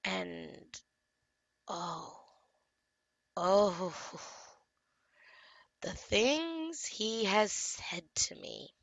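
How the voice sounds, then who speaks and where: A woman's voice: mid-range voice, big pitch swings, very slow, pauses often, no echo. A young woman venting in a casual vlog rant, exasperated and swearing as she talks into a desktop mic. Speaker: comic book colorist and vlogger.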